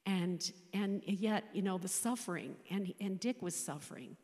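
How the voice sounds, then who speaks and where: A chaplain in her sixties shares an emotional personal faith testimony, speaking haltingly and often sinking to a whisper. Her voice is mid-range with a darkish tone, and the recording has a long hall reverb.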